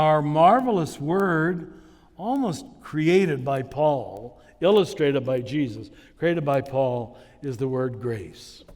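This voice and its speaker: Slow-spoken man in a reverberant hall. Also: mid-range voice, darkish tone. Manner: unhurried storytelling, chuckling at his own anecdotes. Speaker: conference speaker. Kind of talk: spiritual conference talk. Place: large hall with a live audience.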